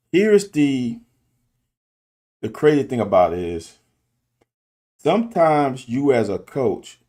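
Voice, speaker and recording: A middle-aged football coach who hosts a show talks candidly in his car, his mid-range voice mellow. In a casual monologue, he keeps restarting and repeating himself to drive his point home.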